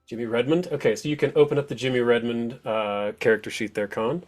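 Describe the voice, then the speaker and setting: A man's voice: mid-range voice, steady tone, fast talker, faint music behind. A man as game master of an online tabletop game, chatty and upbeat, often laughing.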